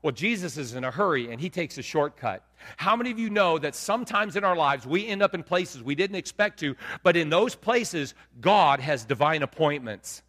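A man preaching a lively sermon to his congregation, asking them questions as he goes. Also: fairly high pitch, moderate pace. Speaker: pastor. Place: church sanctuary. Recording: long hall reverb.

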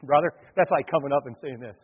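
A male pastor delivering an animated sermon, acting out the voices of the people in his stories. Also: mid-range voice, fast, breathy edge. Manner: animated preaching, acts out quoted voices. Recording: dull sound, long hall reverb.

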